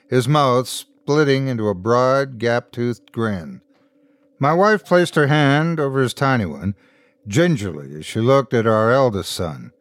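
A man narrating a scripted horror story in a measured storytelling voice, lightly voicing the characters. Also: mid-range voice, expressive, no echo. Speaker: host and narrator.

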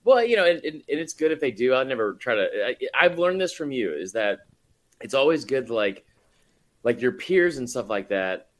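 A man's voice: medium pitch, animated, normal speed. A man talking as a podcast guest in casual chat, rambling with lots of fillers and laughing often.

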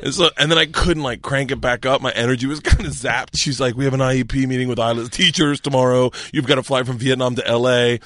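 A man hosting a podcast, telling a story in casual chat, cursing freely and shouting the lines he quotes. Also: medium pitch, no echo. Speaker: podcast host.

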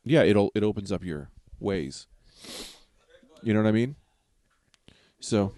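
Rambling jokey comedian, dry studio mic. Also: male voice, fairly low pitch, lively intonation, takes it slowly, warm tone, no echo. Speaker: podcast co-host, stand-up comedian. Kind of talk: casual podcast banter. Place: small podcast studio. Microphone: studio podcast mic.

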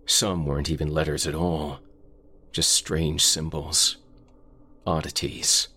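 A man narrating a scripted horror story in a measured, ominous way. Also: rumbling low, little pitch movement, sharp tone, husky.

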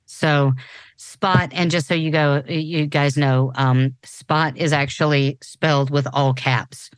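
A woman's voice: low voice, steady tone, slow, no echo. A woman in her forties co-hosting a podcast in casual chat, talking loosely with many restarts. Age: 40s. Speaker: podcast co-host.

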